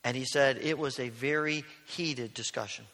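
A male pastor preaching a sermon, telling stories earnestly and dropping to a hush on key lines. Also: medium pitch, steady tone, normal speed. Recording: long reverb of a large hall.

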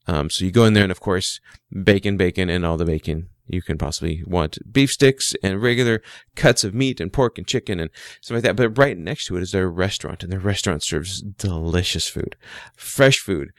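A man's voice: low voice, brisk, dry recording, studio quality. A man who runs a small IT business, casually telling a story and giving advice, chatty and often restarting his words. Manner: chatty, repeats words, acts out quoted dialogue.

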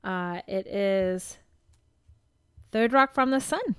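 A woman's voice: medium pitch, slow, a bit bright, clean tone, no echo. A woman co-hosting a podcast, chatting casually and laughing as she retells things. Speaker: podcast co-host. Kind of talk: casual chat.

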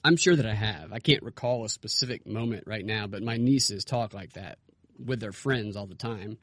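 A man's voice: lowish voice, moderate pace, fairly bright tone, no echo, studio quality. A man co-hosting a political podcast, making his points with rhetorical questions. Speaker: podcast co-host. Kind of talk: casual political podcast chat.

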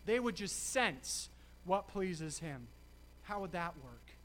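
A man preaching a sermon, emphatic, slowing and stressing key words with dramatic pauses. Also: high voice, very animated, fairly bright tone, a little hiss or hum.

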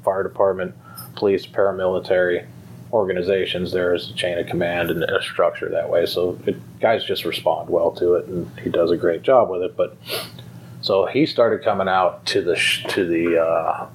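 A man's voice: low-pitched, level tone, moderate pace, slight background noise, low-quality recording. A man who runs a fire department pipe band school, talking casually and rambling with many fillers and restarts. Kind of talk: casual conversation.

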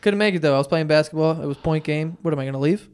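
High-voiced young man telling loose stories. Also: racing, clean tone. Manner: loose storytelling, profane, animated retellings. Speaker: podcast host. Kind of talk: casual chat.

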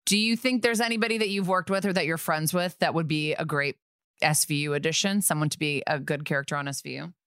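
A woman's voice: low voice, steady tone, quick pace, fairly bright tone, no echo. Woman, podcast co-host, enthusiastic, exclaims, dry sound. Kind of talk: casual interview.

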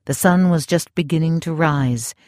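A man narrating an audiobook in calm, steady scripted narration. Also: a little high, moderate pace, no echo, clean studio sound.

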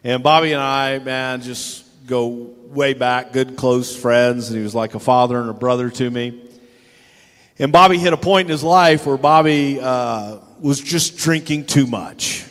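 A man's voice: medium pitch, a little slow, fairly bright tone, big-room sound. An older man telling a rambling, profane anecdote in a casual chat, acting out the voices of the people he quotes. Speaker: storyteller guest.

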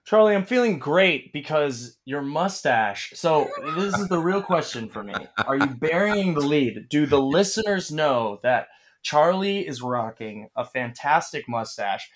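A man's voice: fairly high pitch, measured pace. A young man, an actor, chatting as a guest on a podcast and telling stories playfully. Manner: playful, animated storyteller. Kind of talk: casual podcast chat.

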